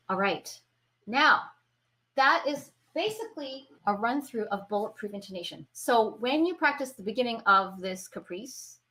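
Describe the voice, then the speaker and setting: A woman's voice: medium pitch, bright, forceful tone, rough recording. A woman teaching an online violin lesson, who explains patiently and keeps checking in with her viewers. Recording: violin playing between phrases.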